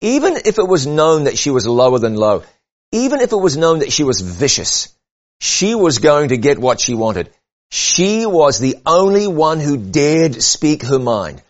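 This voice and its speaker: A man preaching a sermon, earnest and measured, rising and falling for emphasis. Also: on the high side, big pitch swings, muffled recording.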